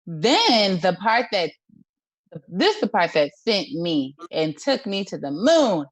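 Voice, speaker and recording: A woman on a casual TV recap panel, sassy and animated, acting out scenes as she talks. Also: mid-range voice, slow pace. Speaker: co-host panelist.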